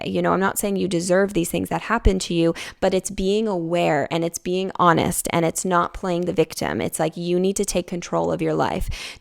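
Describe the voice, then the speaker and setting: A young woman hosting a personal self-help podcast, speaking in a low, smooth voice with a gravelly fry at the ends of phrases. She talks in a confiding, reflective way and leans on casual fillers like "like" and "you know". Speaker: podcast host.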